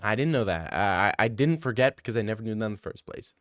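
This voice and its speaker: A man's voice: fairly low pitch, animated, fast talker, fairly bright tone, no room sound, clean studio sound. A young man from Canada streaming live, reading chat aloud and answering it with sarcastic, laughing banter.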